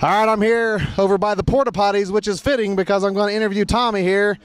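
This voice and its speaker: At an outdoor football training camp, a sideline reporter chats with fans in a casual field interview, joking and teasing them playfully. His voice sits high and smooth, with fairly even intonation and a quick pace.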